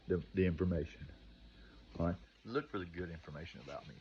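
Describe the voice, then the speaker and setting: Older male vlogger, low voice, rambling and preachy, lo-fi sound. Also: a little fast, a little hiss or hum. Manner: rambling, with many restarts and "you know"; preachy, gives advice to viewers. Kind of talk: rambling monologue to camera. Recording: dull lo-fi recording.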